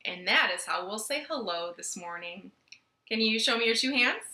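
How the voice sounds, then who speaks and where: A woman's voice: medium pitch, animated, moderate pace, pushed and bright, reverberant. A young woman leading a children's storytime from her living room, playful and sing-song as she talks to the kids.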